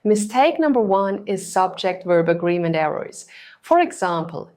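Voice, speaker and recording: A woman giving a scripted English exam lesson, speaking clearly and deliberately and over-articulating the example words. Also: medium pitch, big pitch swings, a little mellow. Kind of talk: scripted instructional narration.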